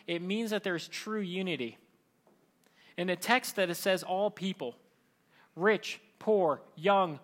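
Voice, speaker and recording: A man preaching a sermon in a conversational, lively way, often slipping into mimicked voices. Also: high-pitched.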